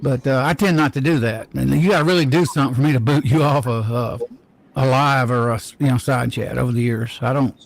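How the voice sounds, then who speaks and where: A man's voice: mid-range voice, brisk, vocal fry, low-quality recording. A man from Georgia chatting casually on a live-stream panel, meandering from one story to the next.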